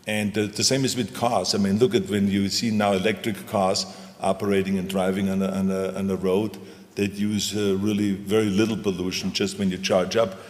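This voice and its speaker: A man's voice: lowish voice, flat delivery, moderate pace. An older man, a former governor, speaking as the guest in an onstage conversation, emphatic and folksy, hammering home short punchy phrases. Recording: echoey hall.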